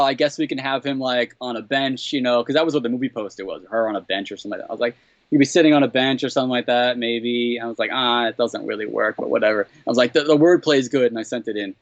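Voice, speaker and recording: A man's voice: fast talker, dry recording. Man telling a story, acting out quotes. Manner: animated, acts out quoted exchanges in a higher voice; laughs often, repeats "what the hell". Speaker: guest, comedy writer. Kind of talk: casual interview storytelling. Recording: dull, slightly lo-fi sound.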